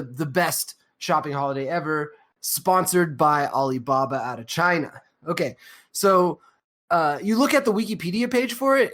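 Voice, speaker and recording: A man with a fairly high voice hosts a loose, unscripted podcast. He rambles and swears freely, and he stacks up fillers as he works his way through a thought. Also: fairly bright tone. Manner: rambling, profane, many fillers. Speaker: podcast host. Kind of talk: casual podcast chat.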